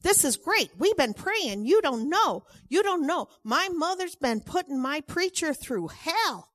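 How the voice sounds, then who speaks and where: An overjoyed teenage boy, high-pitched and loud, gushing and repeating himself, as a woman storyteller acts him out. The voice sits close and dry, with no room sound around it. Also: animated, a little slow, dry recording, full character voice. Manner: breathless, exclaiming, repeating himself. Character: excitable sixteen-year-old boy, big, overjoyed.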